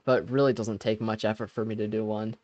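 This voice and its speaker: A man's voice: on the low side, flat delivery, quick pace, a little mellow, dry recording, lo-fi sound. A young man hosting a live stream, chatting casually with viewers. He laughs often and trails off mid-sentence.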